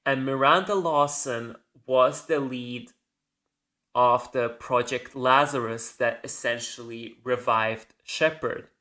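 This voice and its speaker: Man, podcast host, casual solo commentary, slow pace, bright tone. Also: medium pitch. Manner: rambling, self-correcting, swears casually.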